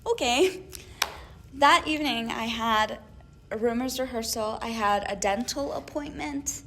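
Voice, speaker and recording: Young woman on a chatty podcast, kinda high voice, animated storytelling, bit of background hiss. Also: a little slow. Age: young adult. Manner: animated storytelling, laughing often, acting out emails. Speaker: podcast co-host. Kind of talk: casual chat with friends.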